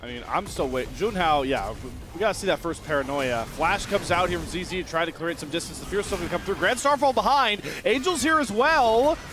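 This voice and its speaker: A man giving excitable play-by-play commentary on an esports match. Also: fairly high pitch, music in the background. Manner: excitable, quick shifts in energy. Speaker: esports caster.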